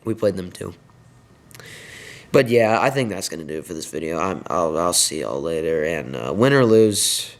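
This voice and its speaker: A man's voice: low voice, animated, normal speed. A young man hosting his own sports video, rambling with many fillers through a frustrated post-game rant. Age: young adult. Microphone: headset.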